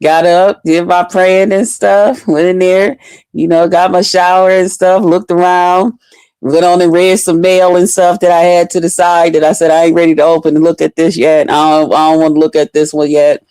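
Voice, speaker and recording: A woman's voice: lowish voice, flat delivery, moderate pace, a little mellow, smooth, no room sound. A woman, telling her viewers a story in a casual, emotional way, swearing freely. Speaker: vlogger.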